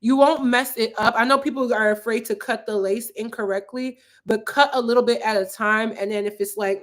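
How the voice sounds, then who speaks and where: A woman's voice: a little high, fairly even intonation, brisk, hardly any pauses. A woman in her twenties from Philadelphia, chatting loosely on a livestream and reading out viewer comments, full of "like" and "um". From Philadelphia, USA. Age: 20s. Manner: chatty and rambling, lots of "like" and "um". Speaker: YouTuber hosting a livestream. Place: her apartment.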